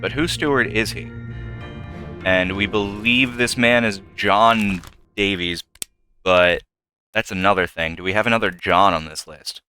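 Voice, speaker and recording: A young man doing let's play commentary from a home setup, his lowish voice bright and forward. He thinks aloud with plenty of hesitation and jumps up in pitch when something clicks. Faint game music plays under his desk mic. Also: a little slow. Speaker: gameplay commentator.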